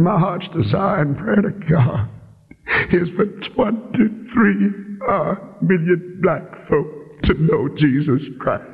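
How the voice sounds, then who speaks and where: A male preacher in full flight, his voice leaping high and low as he pleads and cries out to the congregation. The sound is thin and tinny like an old phone-line recording, with a long echo from a big church hall. His tone is husky. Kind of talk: fiery sermon.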